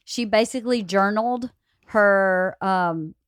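A woman hosts a relaxed podcast conversation with a blunt, reactive way of talking. She is from Georgia, and her voice sits in a middle register. The sound is dry and close to the mic. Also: medium pitch, slow pace, clear, resonant tone, no room sound. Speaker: podcast host. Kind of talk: casual chat.

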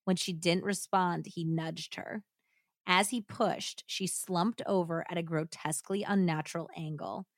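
A woman's voice: fairly low pitch, fairly even intonation, unhurried, dry recording, clean studio sound. Woman reading a true crime story aloud. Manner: reads aloud with acted dialogue, then chats and jokes. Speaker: podcast host reading a true crime account. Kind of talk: dramatic reading with casual commentary.

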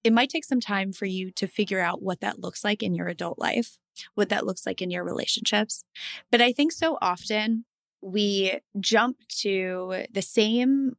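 A woman's voice: mid-range voice, measured pace, creaky, fairly bright tone, no room sound. A woman co-hosting a casual podcast chat, talking reflectively and asking herself questions aloud. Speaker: podcast co-host, therapist.

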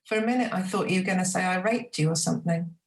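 A woman's voice: lowish voice, fast, natural voice. A woman reading aloud from a novel, voicing an offhand, menacing young man who is a casual lover. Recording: roomy echo.

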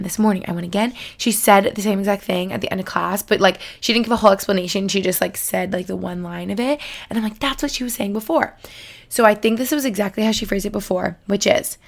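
A woman in her twenties hosting a podcast in casual, excitable chat, with lots of filler words. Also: medium pitch, creaky. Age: 20s. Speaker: podcast host.

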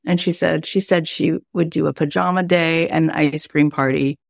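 Woman host, 40s, deep voice, emotional and chatty storytelling, dry booth sound. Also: steady tone, normal speed, vocal fry, no room sound. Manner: warm, emotional, chatty with many "like" fillers. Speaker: podcast host and coach. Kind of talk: personal storytelling on a coaching call.

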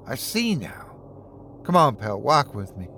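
Worn-out guilty guy chained up, low and tired, a narrator puts him on. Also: sing-song, a little slow, sharp tone, slight background noise, heavily acted. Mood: resigned. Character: remorseful worn-out man chained to a companion.

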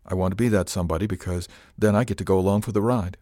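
A man's voice: low-pitched, fairly even intonation, very fast, dark tone, dry recording, studio quality, natural voice. A man voicing an eager, loyal young woman crew member, earnest and determined, in an audiobook.

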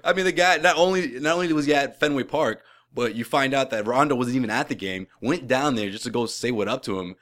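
A man's voice: medium pitch, a little fast, few pauses, a bit bright. A male podcast co-host in casual sports chat, teasing his partner and laughing often.

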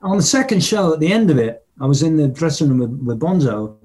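A man's voice: a little high, very animated, fast, darkish tone. An older man telling a story in conversation as a rock drummer guest, reminiscing with emotion and humming drum rhythms.

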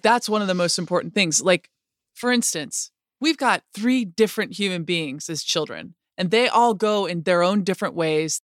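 A woman with a fairly low voice speaks calmly and reassuringly as a co-host. Her delivery is measured, and the sound is close and dry. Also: dry recording. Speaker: podcast co-host. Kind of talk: casual chat.

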